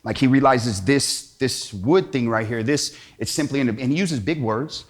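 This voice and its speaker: A man's voice: medium pitch, normal speed. A man giving an inspirational talk in a casual, slangy storytelling way. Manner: slangy, storytelling, acts out quotes. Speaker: Catholic speaker.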